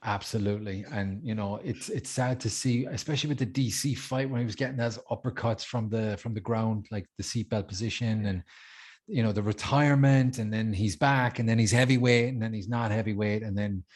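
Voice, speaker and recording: Male podcast host, lowish voice, eager, cusses casually. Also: brisk, a little mellow. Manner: enthusiastic, swears freely, leads the rundown. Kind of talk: casual chat.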